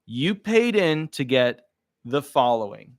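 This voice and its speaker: A man's voice: mid-range voice, slow, no room sound, clean studio sound. A man who works as a disability lawyer, giving casual, indignant commentary to the camera. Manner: indignant, animated.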